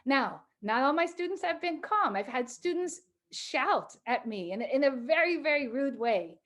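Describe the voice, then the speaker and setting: A middle-aged woman teacher talking calmly to a group of teachers, measured, with pauses and fillers. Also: high-pitched.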